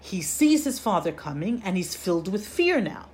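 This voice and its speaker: A woman teaching a religious lesson, telling a parable in an animated way and often restarting her sentences. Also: mid-range voice, moderate pace, slight background noise. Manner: animated storytelling with frequent restarts. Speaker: Torah teacher.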